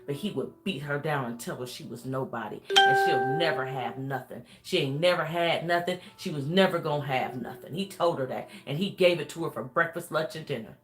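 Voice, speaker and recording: A woman's voice: low voice, a little fast, hardly any pauses. A woman life coach giving an emphatic motivational talk. She repeats her points over and over and laughs often.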